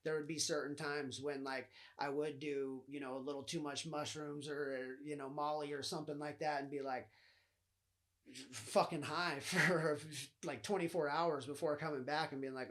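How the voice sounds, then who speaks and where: Profane man telling a story, high-ish voice. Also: flat delivery, normal speed, a bit bright. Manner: profane, loose, rambling, heavy on fillers. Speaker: podcast host. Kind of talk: casual storytelling monologue.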